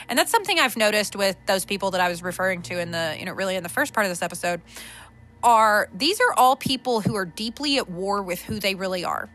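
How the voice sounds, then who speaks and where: Blunt, profane, bright-voiced woman. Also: medium pitch. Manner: blunt and profane, trailing restarts. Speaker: podcast host. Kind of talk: unscripted spiritual rant. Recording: faint background music.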